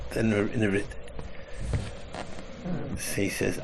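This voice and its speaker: A man, a rabbi, telling an animated parable in casual talk, sprinkled with Hebrew and words. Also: medium pitch, a little slow, gravelly, pauses often, husky. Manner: animated storyteller, acts out voices. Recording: noisy recording.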